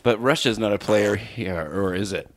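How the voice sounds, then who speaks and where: A man's voice: on the low side, normal speed. A man co-hosting a comedy podcast in casual, joking banter, laughing often and swearing. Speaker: podcast co-host.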